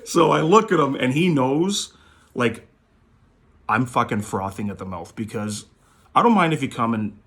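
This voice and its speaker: A man hosting a show, telling a story in a blunt, profane, animated way. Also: medium pitch. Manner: blunt, swears constantly, animated retelling. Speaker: host, sports card dealer.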